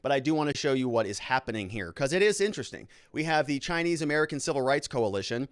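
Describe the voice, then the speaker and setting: A man who is a lawyer hosting his own show, giving casual legal commentary with animated, self-interrupting talk. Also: medium pitch, quick pace, no echo, clean studio sound.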